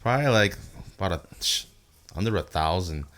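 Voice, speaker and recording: A man's voice: deep voice, lively intonation, brisk, a bit bright. A man, a guest trading dry jokes in casual chat. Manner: dry joker, laughs often. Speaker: real estate agent.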